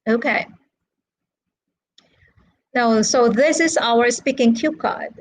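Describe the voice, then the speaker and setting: A woman's voice: on the high side, rough recording. A woman teaching an English lesson in a live-streamed online class, patient and checking in with her students often. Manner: slow, patient, checks in with frequent "okay" and "right".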